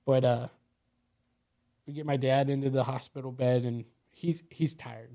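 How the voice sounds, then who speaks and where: A man's voice: medium pitch, steady tone, measured pace, mellow. A man as a podcast guest, telling a personal story in a loose, casual way, full of "you know" and "like".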